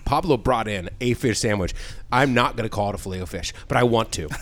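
A man hosting a podcast in casual chat, telling stories animatedly and acting out quotes in a raised voice. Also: fast talker. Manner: animated storyteller, acts out quotes in a high voice. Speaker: podcast host.

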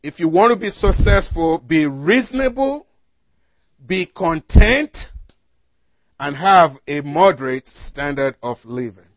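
A man preaching a sermon to a congregation, asking them to fill in the words and swinging between loud exhortation and quiet asides. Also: a little high, expressive, slow pace, dry recording. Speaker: pastor.

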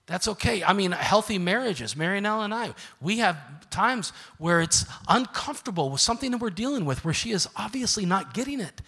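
Middle-aged male pastor, emphatic sermon delivery that swings from quiet to shouted, bright voice, long church reverb. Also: sits high, sing-song, a little fast, hardly any pauses. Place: church sanctuary. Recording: reverberant sanctuary.

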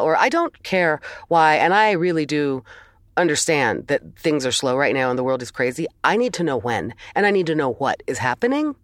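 A woman talks through a frustrating story in casual conversation, sighing and swearing now and then. Her pitch swings widely as she tells it. The sound is dry and close, with no room around her. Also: dry recording. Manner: animated, exasperated storytelling with swearing and sighs. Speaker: co-host telling a story. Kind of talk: casual chat.

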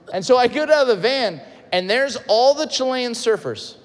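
A man preaching a sermon, telling stories with lively acted-out quotes and shifts between loud and soft. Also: extremely high pitch, fairly quick, big-room sound. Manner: animated storytelling, acts out quotes, swings loud and soft. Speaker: pastor. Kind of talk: sermon with storytelling.

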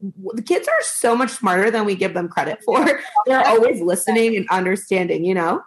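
A woman's voice: medium pitch, expressive, moderate pace, slightly rough. A woman in casual conversation as a podcast co-host, speaking in a reflective, earnest way. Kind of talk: casual chat.

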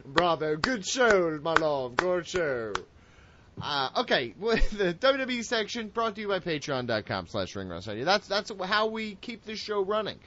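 A man hosting a casual wrestling podcast, loud and excitable, with swearing banter. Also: sits high, normal speed, few pauses, a little hiss or hum. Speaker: podcast host. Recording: dull lo-fi audio.

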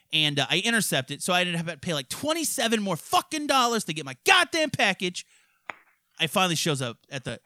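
A man hosting a casual podcast from his studio, ranting and swearing constantly with loud outbursts. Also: high voice, dry recording. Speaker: podcast host. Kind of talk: profane ranting podcast chat.

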